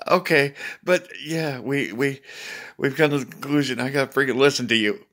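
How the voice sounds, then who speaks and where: A man talking casually to viewers, rambling with many restarts and swinging between worried and loud. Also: mid-range voice, expressive, normal speed. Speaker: video blogger.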